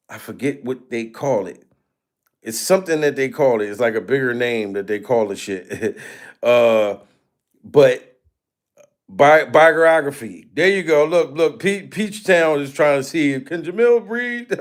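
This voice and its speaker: High-voiced man chatting on livestream. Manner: laughs often, profane, shouts out donors. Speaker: livestream host. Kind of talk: casual livestream chat.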